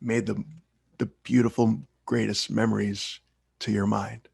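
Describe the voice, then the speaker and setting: A man's voice: lowish voice, little pitch movement, a little slow, vocal fry, a little mellow, breathy edge, dry recording. A young man giving an earnest, heartfelt personal speech as a Toastmasters speaker.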